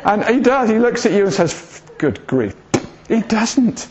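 A man's voice: high voice, normal speed, noisy background. A man preaching an informal sermon in a church, chatty and jokey, often asking the congregation questions. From southern England. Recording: dull lo-fi church recording.

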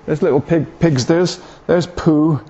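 An older man in his seventies preaching informally at a church meeting, his voice a touch higher than most men's. He rambles and hesitates, often poking fun at himself. The recording is dull and lo-fi. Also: steady tone, measured pace, mellow, husky. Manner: rambling, hesitant, self-deprecating humour. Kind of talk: informal sermon talk.

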